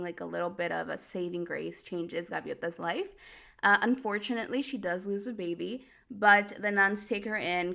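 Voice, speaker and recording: A woman chatting casually as a host, animated and quick to laugh, with lots of "like" sprinkled in. Her voice sits in a middle pitch with a noticeable gravelly fry at the ends of phrases. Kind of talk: casual chat recap.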